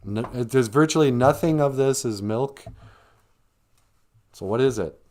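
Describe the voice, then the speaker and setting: A man's voice: medium pitch, a little slow, darkish tone. Older man joking through a livestream. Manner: joking, reminiscing, reads chat aloud. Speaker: livestream host. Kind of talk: rambling livestream chat.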